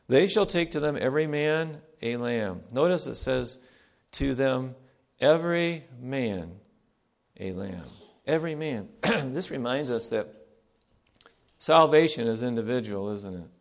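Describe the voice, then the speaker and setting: A male pastor preaching a sermon. He reads scripture and asks the congregation questions, slows down for emphasis, and lets his voice drop low and quiet at the ends of phrases.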